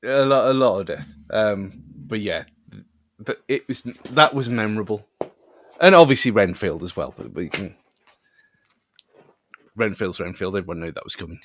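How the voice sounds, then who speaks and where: A man's voice: lowish voice, animated, normal speed, pauses often, a bit bright, a little hiss or hum. A man co-hosting a podcast in casual chat, hesitant and often laughing. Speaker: podcast co-host.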